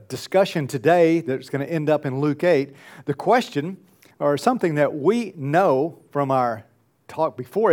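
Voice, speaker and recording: A man preaching a sermon who chuckles often and acts out little bits of dialogue as he goes. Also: a little high. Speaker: pastor.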